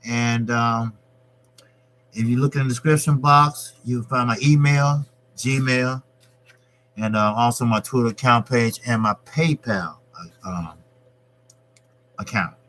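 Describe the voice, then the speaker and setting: A man's voice: medium pitch, slow, long pauses, fairly bright tone, slight background noise. A man hosting his own boxing channel, talking on a live stream in a loose, profane, repetitive way. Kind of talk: casual live-stream rant.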